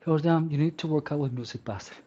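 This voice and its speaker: A man's voice: on the high side, fast talker, mellow. A man vlogging his workout, counting reps aloud while straining and joking in a sarcastic, mock-girly persona. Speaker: fitness vlogger. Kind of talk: casual workout chatter. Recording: dull lo-fi sound.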